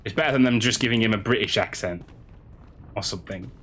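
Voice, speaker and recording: Guy streaming a game and chatting with chat, kinda low voice, trips over his words a lot. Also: sharp tone, a little hiss or hum. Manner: halting, chatty, many restarts, answering chat. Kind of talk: casual stream chat while gaming.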